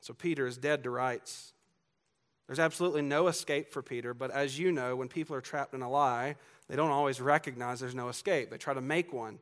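Speaking a little fast in a steady, medium-pitched and slightly bright voice, this pastor from Georgia preaches an expository sermon. His Southern accent has faded to a faint trace. Earnest and emphatic, he builds on repeated lines and addresses the congregation in asides.

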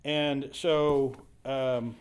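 A man's voice: medium pitch, steady tone, extremely slow, clear, resonant tone. A man teaching a Bible study class, explaining scripture conversationally while thinking aloud. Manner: thinking aloud with fillers and restarts, paraphrasing scripture.

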